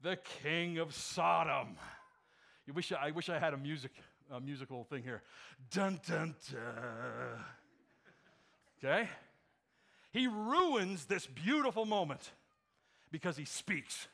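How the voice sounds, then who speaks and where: A man's voice: a little high, lively intonation, takes it slowly, vocal fry, long pauses, pushed and bright. A male pastor preaching a sermon with emphasis, firing rhetorical questions at his congregation.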